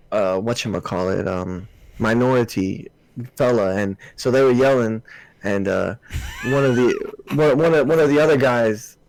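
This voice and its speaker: A man's voice: medium pitch, a little mellow, no room sound, rough recording. Laid-back young man telling a story. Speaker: podcast co-host. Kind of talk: casual chat.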